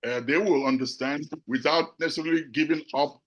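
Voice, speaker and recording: A middle-aged man from Nigeria with a Nigerian accent, giving a measured, reflective talk to an audience as a panel speaker, pausing often on fillers. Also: fairly high pitch, a bit bright, highs cut off. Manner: measured, with frequent filler pauses.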